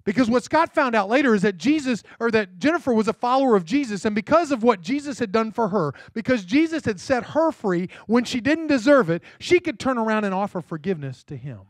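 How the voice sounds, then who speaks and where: A man's voice: very high-pitched, very animated, fairly quick, few pauses, no echo. A man, a pastor, giving a sermon in a conversational storytelling way and often checking in with the congregation. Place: church.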